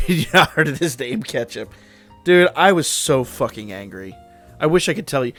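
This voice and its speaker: A man's voice: medium pitch, animated, moderate pace, a bit bright. A man live-streaming a game, chatting casually with his viewers in a rambling, profane way and answering their messages. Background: faint background music.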